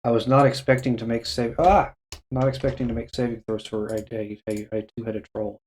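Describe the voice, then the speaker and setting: Guy running a tabletop game, goofy, kinda excitable, trips over words, normal mid voice. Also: mid-range voice, a little fast, a little hiss or hum. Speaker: game master.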